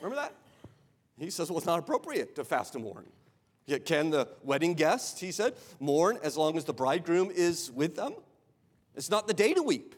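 A man's voice: fairly high pitch, sing-song, normal speed, breathy edge. A male pastor giving a conversational sermon, often asking rhetorical questions and repeating words as he goes. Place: church sanctuary. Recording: long hall reverb.

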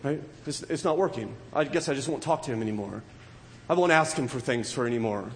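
A man's voice: medium pitch, expressive, brisk, in a large hall. A pastor delivering a sermon to his congregation and asking frequent rhetorical questions.

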